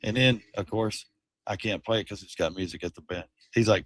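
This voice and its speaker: A man's voice: mid-range voice, normal speed, no echo. A middle-aged man hosting a livestream, bluntly and animatedly commenting on clips, swearing and mocking. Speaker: livestream host. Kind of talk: casual commentary.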